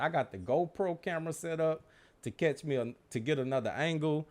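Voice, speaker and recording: A man's voice: a little high, moderate pace. Casual talkative man hosting a podcast. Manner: relaxed, conversational, Southern US slang. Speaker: podcast host. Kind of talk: casual solo podcast talk. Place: home studio room. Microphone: studio microphone.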